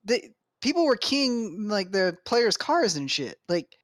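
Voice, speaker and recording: A woman's voice: medium pitch, sing-song, measured pace, dry recording, studio quality. A woman co-hosting a casual sports podcast, wry and sarcastic, swearing offhandedly. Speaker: podcast co-host.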